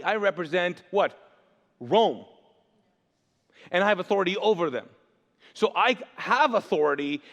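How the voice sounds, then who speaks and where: A high-voiced male pastor preaching an animated, jokey sermon. He keeps asking the room to call out the next word, and his voice rings through a long church reverb. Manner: animated, jokey, asks the audience questions.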